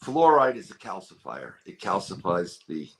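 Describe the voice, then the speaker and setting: A man's voice: deep voice, big pitch swings, normal speed, background noise. A man telling a long story on a podcast, rambling with many restarts and quoting other people as he goes. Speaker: podcast guest. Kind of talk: casual storytelling chat.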